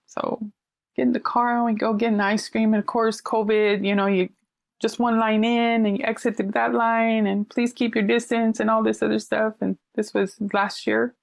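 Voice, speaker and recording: Gravelly-voiced woman telling stories. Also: on the high side, normal speed, no room sound. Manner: animated, acts out quoted voices. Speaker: counselor sharing her story. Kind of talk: conversational storytelling.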